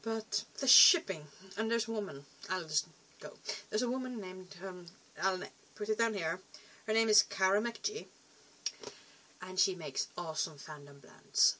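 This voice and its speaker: A woman's voice: medium pitch, animated, measured pace, sharp tone. A young woman rambling casually to camera in a vlog, chatty and self-deprecating, often trailing off and restarting. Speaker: vlogger.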